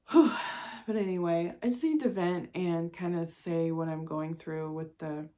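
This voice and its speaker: A woman's voice: on the low side, steady tone, normal speed, dark tone. A woman, venting candidly in a rambling, personal vlog, often breaking into laughs and sighs. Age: 40s. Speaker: vlogger. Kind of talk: casual personal vent.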